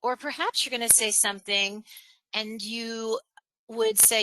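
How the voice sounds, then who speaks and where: A woman presenting a live webinar on speaking skills, animated and chatty, acting out examples. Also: unhurried, noisy background. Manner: animated, acts out examples in a higher voice, laughs between points. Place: online webinar, home or office.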